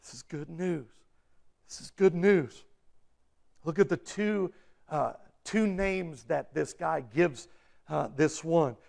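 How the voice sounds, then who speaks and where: Gravelly high-voiced man preaching a sermon. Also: slow pace, pauses often, a little mellow. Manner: emphatic, building to bursts of intensity. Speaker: pastor.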